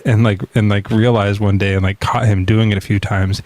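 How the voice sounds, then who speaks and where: Low-voiced man hosting a live podcast. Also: normal speed, no echo. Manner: relaxed, rambling, with laughs and fillers. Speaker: podcast host. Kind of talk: casual live-stream chat.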